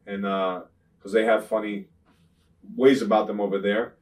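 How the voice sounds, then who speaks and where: An older man, a retired wrestler, telling rambling profane stories in an interview, often saying "you know what I'm saying" and getting loud when he retells fights. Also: lowish voice, moderate pace, distant mic, low-quality recording. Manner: grows loud and animated when retelling confrontations. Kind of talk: shoot interview storytelling.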